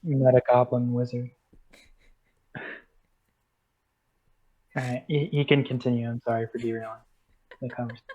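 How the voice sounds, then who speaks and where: A woman's voice: extremely low pitch, fairly even intonation, moderate pace, long pauses, dark tone. A woman playing a tabletop game, chatting casually and a bit hesitantly over a call. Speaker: player. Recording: tinny call audio.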